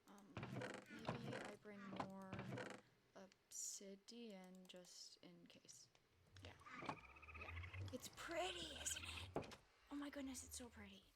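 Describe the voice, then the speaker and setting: A young woman streams herself playing a block-building game, casually commenting in a chatty, giggly way as she talks to herself and her chat. Her voice is on the high side, and the audio is very noisy.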